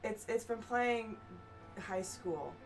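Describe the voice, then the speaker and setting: A woman's voice: a little high, lively intonation, slow, loud music behind the voice. A woman streamer chatting playfully with her co-host and chat while playing a game live.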